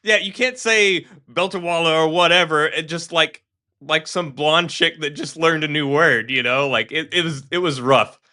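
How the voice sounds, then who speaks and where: Bright-voiced, animated male co-host. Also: fairly high pitch, normal speed. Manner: animated, opinionated, many restarts. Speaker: game podcast co-host. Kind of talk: casual chat.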